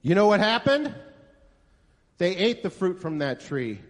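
A man's voice: high-pitched, big pitch swings, measured pace. A male pastor preaching a sermon to a congregation, telling a story and asking rhetorical questions with emphasis. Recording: echoey hall reverb.

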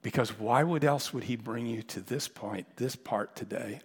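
A man preaching a sermon as pastor, telling a story with dramatic shifts from loud calls to hushed near-whispers. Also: mid-range voice, moderate pace, breathy edge, long reverb tail. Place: church sanctuary.

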